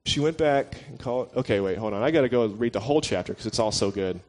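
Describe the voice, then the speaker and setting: A man giving a casual, conversational sermon, relaxed and joking with his listeners. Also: mid-range voice, fast. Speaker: preacher.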